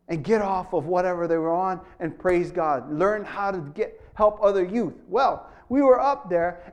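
A middle-aged pastor preaching with a high, light voice. He tells his story like a preacher, rising to loud proclamations and then dropping to quiet, close asides. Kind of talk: sermon.

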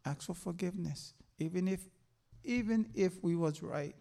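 An older man giving a personal faith testimony, halting and earnest, with many fillers. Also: high voice, vocal fry, warm tone. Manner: halting, earnest, full of "you know" fillers.

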